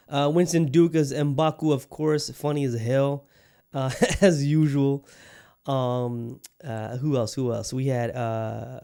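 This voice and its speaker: Rambling man with a mellow voice. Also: medium pitch. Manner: rambling and enthusiastic, many fillers and restarts, swears freely. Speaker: podcast host. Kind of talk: casual solo film review.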